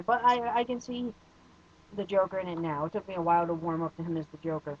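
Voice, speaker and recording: A man's voice: high voice, quick pace, muffled recording, slight background noise. A man giving a casual spoken movie review, hesitant and rambling, with many fillers and blunt opinions.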